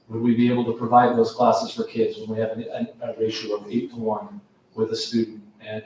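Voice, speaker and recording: A man, a school administrator, presenting slides at a board workshop in a measured, steady way, pausing with ums and restarts, with a cough. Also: medium pitch, a little hiss or hum. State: has a cough. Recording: very echoey meeting room, distant mic.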